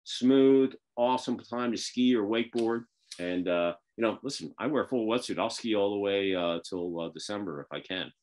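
A man's voice: fairly low pitch, normal speed, darkish tone, a little hiss or hum. A man from the Northeastern United States hosting a casual video call show, rambling in a folksy way with lots of fillers. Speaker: podcast host.

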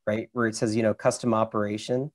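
A man's voice: fairly low pitch, little pitch movement, quick pace. A man with a Minnesota accent, a camera expert casually explaining settings step by step over a video call, with lots of fillers.

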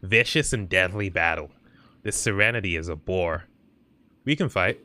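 A man voicing a bored warrior craving a fight, speaking low with a swagger. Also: moderate pace, bright, forceful tone. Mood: restless. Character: bored, battle-hungry male warrior.

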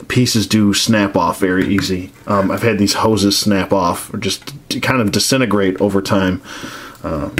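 A man casually reviewing action figures, rambling with many restarts and frank complaints. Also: lowish voice.

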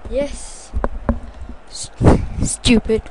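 A woman's voice: very slow, background noise. A woman giving loose gameplay commentary, mocking the characters with frequent laughter and sudden outbursts. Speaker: let's play gamer.

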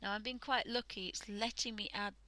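A woman from the UK talks through a drawing demonstration on her live art stream, casual and soft, often half-whispering while she works and chatting with fillers. Her mid-range voice is steady and a little fast, and the audio is poor.

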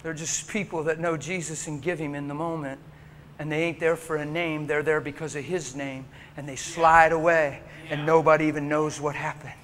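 Fiery preacher man with a high, bright voice. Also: flat delivery, normal speed. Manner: impassioned storytelling with frequent laughter. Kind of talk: sermon.

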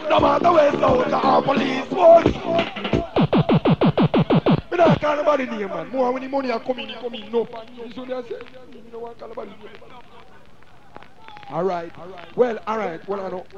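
A man with a Jamaican accent, MCing a live sound clash with shouted, half-sung patois toasts. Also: very high voice, moderate pace, pauses often. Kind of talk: hyped live MC chat and toasting. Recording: dull lo-fi live recording over loud music. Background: very loud dancehall music.

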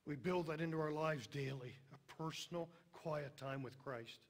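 A middle-aged man preaching a sermon, emphatic, then dropping to a hushed voice on tender lines. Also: a little high, moderate pace.

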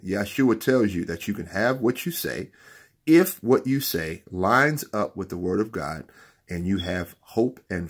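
A man's voice: low-pitched, husky. A man hosting a show, giving a motivational Bible lesson in a preachy way and repeating key lines for emphasis. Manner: rising to loud emphatic peaks. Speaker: bookstore owner and show host.

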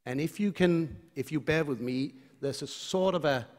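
A middle-aged man gives a conference lecture, talking conversationally and pausing often to restart his phrases. His voice sits slightly high. A long hall reverb trails behind him. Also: a little mellow. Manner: conversational, with frequent hesitations and restarts.

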